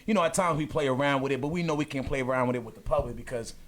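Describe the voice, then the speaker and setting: A man telling a story in casual chat with friends, animated and laughing as he acts out voices. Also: medium pitch, racing.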